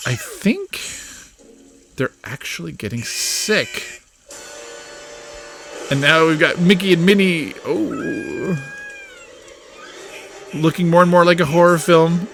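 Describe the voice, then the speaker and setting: A woman hosting a reaction show, narrating a cartoon excitedly, laughing and sometimes hushing her voice. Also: fairly low pitch, takes it slowly, pauses often, soft background music. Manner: excitable, laughing, often drops to a hushed voice. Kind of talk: live reaction commentary on a cartoon.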